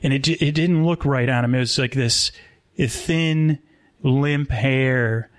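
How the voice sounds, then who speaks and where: A man's voice: mid-range voice, slow. Rambling male live storyteller. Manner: rambling, with stumbling restarts. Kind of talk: improvised comic storytelling at a live show.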